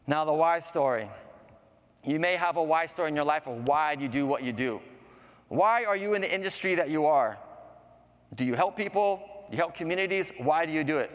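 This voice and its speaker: Animated male storyteller in a hall. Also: a little high. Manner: animated storyteller, lively voices. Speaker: conference speaker, storytelling teacher. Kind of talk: storytelling talk. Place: conference session room. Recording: long hall reverb.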